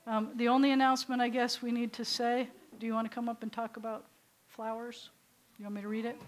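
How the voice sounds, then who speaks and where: A woman with a Southern American accent leading a congregation through a service, giving gentle instructions. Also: on the high side, little pitch movement, brisk. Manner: warm instructive directions to a congregation. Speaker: service leader.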